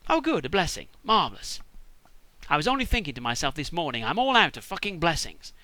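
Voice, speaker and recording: A man's voice: on the high side, big pitch swings, brisk, sharp tone, no echo. A man voicing a grumbling sarcastic British hunter. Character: hairy grumpy hunter son, young man.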